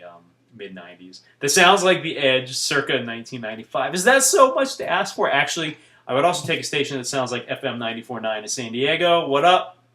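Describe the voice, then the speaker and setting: A man's voice: mid-range voice, a bit bright, reverberant. A man vlogging to camera in casual, rambling chat, with wry asides as he talks.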